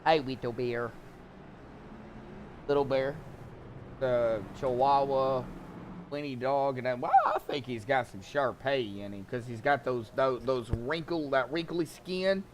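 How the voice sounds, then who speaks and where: A man calling sim race action as commentator, in a slow, drawn-out way with sudden excited outbursts. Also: mid-range voice, a little hiss or hum.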